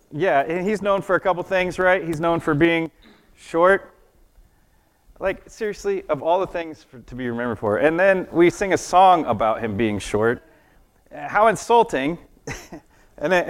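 A man giving a casual children's sermon, chatty and playful, often asking the kids questions and laughing at his own jokes. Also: on the high side. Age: adult. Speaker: children's church teacher. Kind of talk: children's sermon with object lesson.

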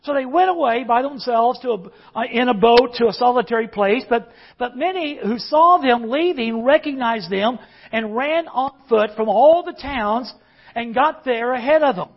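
A pastor delivering a relaxed, conversational sermon, moving from a joke into reading and explaining scripture. The voice sits at a middle pitch, and the recording sounds dull and lo-fi. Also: normal speed. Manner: conversational, tells a joke, reads scripture aloud.

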